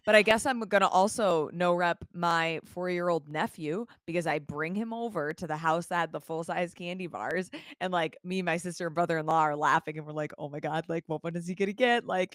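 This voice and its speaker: A woman co-hosting a podcast, chatting casually with quick exclamations and laughter. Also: lowish voice, fairly bright tone, dry recording, studio quality. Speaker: podcast co-host. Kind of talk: casual chat.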